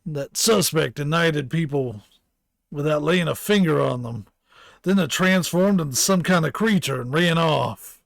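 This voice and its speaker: Give me a man playing a calm young female cop, level and plain. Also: a little high, unhurried, creaky, dry recording, clean studio sound. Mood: businesslike.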